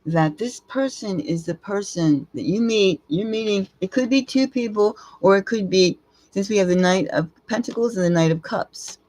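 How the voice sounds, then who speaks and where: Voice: medium pitch, moderate pace, a little mellow, dry recording. Live tarot reader, dry close sound, blunt and emphatic, rambles, swears freely. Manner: blunt, emphatic advice with repeated phrases; rambling, restarts mid-sentence.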